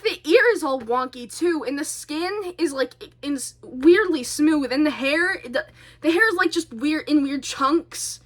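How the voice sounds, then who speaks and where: A woman vlogger in a casual, rambling monologue, animated and exasperated, full of fillers and tangents. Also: high-pitched. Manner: chatty, goes off on tangents, many fillers.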